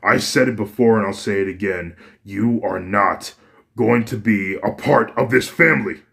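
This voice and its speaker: A man's voice: deep voice, slow pace, a little mellow. A man voicing a harsh, hostile middle-aged father who speaks coldly and threatens his own family. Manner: cold, threatening, angry.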